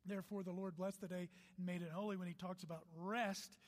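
A man preaches with a high, bright voice that rises and falls eagerly. He breaks off for playful asides and read-out quotes. His words carry long reverb through a large hall. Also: little pitch movement, brisk. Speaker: pastor. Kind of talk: sermon.

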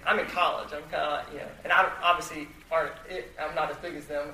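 Man, high-pitched, self-deprecating storyteller, echoey room with faint noise. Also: flat delivery, quick pace, pushed and bright, far from the mic. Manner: self-deprecating, chatty, lots of fillers and restarts. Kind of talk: humorous personal story told to an audience.

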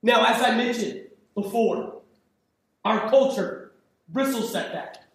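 A man's voice: very high-pitched, takes it slowly, long pauses. A man preaching a sermon as pastor, in a conversational, emphatic way with frequent repeats and restarts. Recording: echoey hall, speaker far from the mic.

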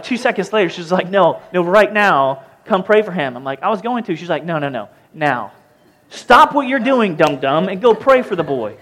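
Animated man preaching a casual sermon. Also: on the high side. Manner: conversational, jokey preaching with sudden loud outbursts. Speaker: pastor.

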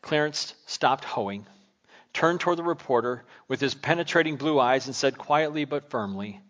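A man preaching a sermon from the pulpit, with a middle-pitched voice. He tells a story and then puts searching questions to his listeners. His delivery is earnest. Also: moderate pace, fairly bright tone. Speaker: pastor.

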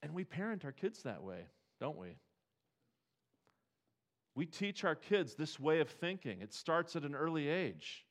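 A male pastor delivering a sermon from the pulpit. He talks in a conversational, questioning way, often pitching up and getting louder when he presses a point. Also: very animated, measured pace, long pauses. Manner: conversational preaching with rhetorical questions and rising emphasis.

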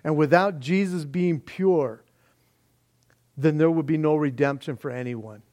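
An unhurried male pastor with a slightly mellow voice on the high side preaches in a relaxed, folksy style. He often says "man," dwells at length on his passage, and unpacks word meanings through long lists.

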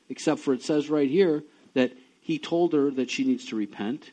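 A middle-aged man preaching a sermon, emphatic, dropping low and quiet and then rising loud and high. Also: normal speed, hardly any pauses, low-quality recording. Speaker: pastor.

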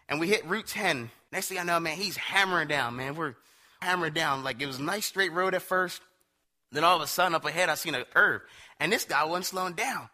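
A man preaching a sermon in a conversational, storytelling way, often slipping into quotes from others. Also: a little high. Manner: conversational storytelling, quoting others in animated asides.

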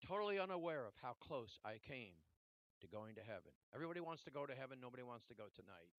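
A man from Canada, a preacher, telling a personal story in an animated sermon. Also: fast, dry recording, lo-fi sound. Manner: animated storyteller, builds to emotional high-pitched climax.

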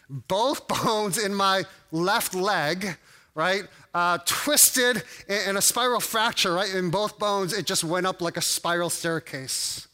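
Bright-voiced male pastor preaching. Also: high voice. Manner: conversational, many fillers and restarts. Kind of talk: sermon.

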